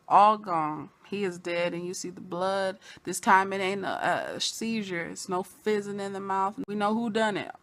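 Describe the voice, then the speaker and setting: A woman giving a chatty, casual recap of a TV episode, full of "you know" asides and sudden bursts of excitement. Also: mid-range voice. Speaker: TV episode reviewer.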